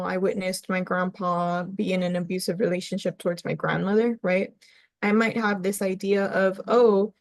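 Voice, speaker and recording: A woman's voice: medium pitch, no echo. A woman family counselor giving a conversational presentation to parents, often checking in with "right?".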